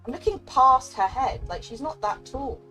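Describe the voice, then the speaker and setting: A woman's voice: sits high, animated, moderate pace, sharp tone, soft background music. A young woman streaming a game, chatting casually and emotionally with her viewers, giggling and thanking them often. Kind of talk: casual live-stream chat.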